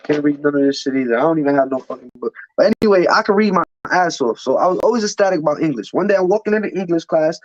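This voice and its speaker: A man's voice: a little high, expressive, very fast, hardly any pauses. Emphatic man telling his story, lo-fi. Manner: repeats words when restarting, profane, emphatic. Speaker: interview guest. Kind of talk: candid personal storytelling. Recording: dull lo-fi sound, dry.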